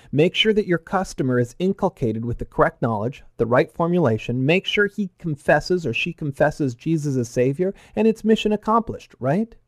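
A man's voice: medium pitch, dry recording. Earnest man, dry close sound. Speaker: teacher. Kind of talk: teaching talk.

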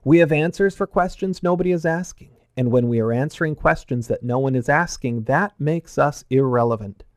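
A man giving a measured, earnest teaching talk with touches of wry humor. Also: a little high, no echo, studio quality.

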